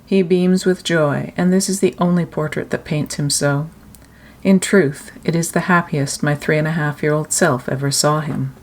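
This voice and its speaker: Low-voiced woman reading her novel. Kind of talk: first-person novel reading.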